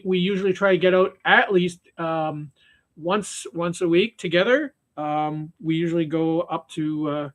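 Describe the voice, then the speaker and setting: A Canadian man with a high, somewhat bright voice hosts a live stream, chatting loosely as he ties flies. He rambles, often trailing off and restarting sentences amid lots of fillers.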